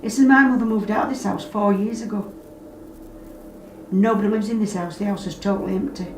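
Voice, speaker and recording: A woman's voice: mid-range voice, a little fast. A woman telling stories casually and animatedly about strange happenings in a house, acting out what people said. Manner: animated, acts out quoted voices, dialect grammar. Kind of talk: casual storytelling. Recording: roomy, distant mic, background noise.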